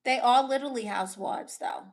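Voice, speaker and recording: A woman's voice: a little high, natural voice. A woman playing a brash, sassy Brooklyn auntie. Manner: sassy, blunt, quick retorts. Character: brash, opinionated Latina aunt giving blunt advice. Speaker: comedian hosting a livestream. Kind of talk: in-character livestream chat, reading viewer comments.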